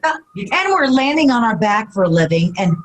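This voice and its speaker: Animated woman telling stories. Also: on the high side, a little fast, low-quality recording. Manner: animated, acts out quotes, many fillers like "you know what I mean". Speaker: retired pro wrestler guest. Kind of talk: casual interview storytelling.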